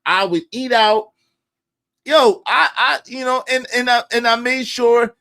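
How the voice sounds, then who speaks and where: A man telling a personal story in profane street slang, swinging between low mutters and loud outbursts. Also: measured pace. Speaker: podcast storyteller. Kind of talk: animated storytelling.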